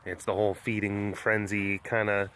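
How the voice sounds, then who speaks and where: Outdoors at an animal compound, a cheerful man strolls through a big cat sanctuary for a casual vlog, talking to viewers and cooing baby talk at the cats. He speaks at a normal speed in a fairly low, slightly bright voice with little pitch movement.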